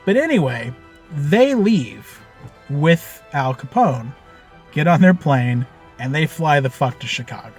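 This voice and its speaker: Animated man recounting his game. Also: on the high side, measured pace, soft background music. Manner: animated, swearing, full of fillers. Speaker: game master. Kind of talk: casual storytelling.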